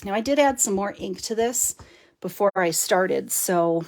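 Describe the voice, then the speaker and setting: A woman's voice: mid-range voice, animated, a little slow, a little mellow. Middle-aged woman, live craft demo host, easygoing and chatty, laughs between steps. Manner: chatty, laughs often, talks while working. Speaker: card-making demonstrator.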